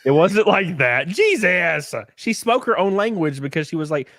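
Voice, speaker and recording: Tipsy male podcast co-host, lively crude banter, dry close sound. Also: normal speed, no room sound. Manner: animated, laughing, jumps into high mocking voices. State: a little drunk.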